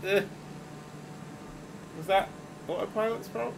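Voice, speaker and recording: A man giving excitable, sweary, laughing running commentary while playing a game. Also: high voice, slow pace, gravelly, background noise. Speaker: gaming video host. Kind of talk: casual let's-play commentary.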